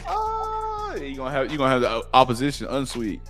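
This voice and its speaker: A man's voice: medium pitch, huge pitch swings, brisk, over music. A man co-hosting a casual chat, playful and joking, telling anecdotes. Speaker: podcast co-host.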